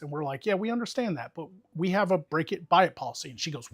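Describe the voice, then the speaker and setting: A man's voice: a little high, expressive, normal speed, fairly bright tone, no room sound, studio quality. A man casually telling a long, profane story to friends on a stream, talking with lots of energy.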